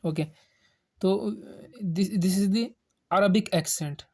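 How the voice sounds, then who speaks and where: A woman teaching Quran reading in a recorded lesson, hesitant, pausing with frequent "uh" and repeating each term. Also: mid-range voice, mellow. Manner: slow, halting, with frequent "uh" and repeated terms. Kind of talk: recorded lesson explaining Arabic letters.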